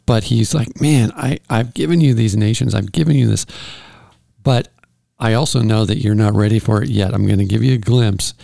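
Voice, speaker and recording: A man co-hosting a faith talk show, animated and acting out quotes. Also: fairly low pitch, moderate pace, creaky, no echo, clean studio sound.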